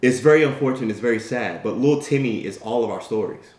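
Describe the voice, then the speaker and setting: Fast and reverberant, this medium-pitched male motivational speaker tells a conversational story. He brings the quoted characters to life with animated acting and keeps repeating "right?" and "you know."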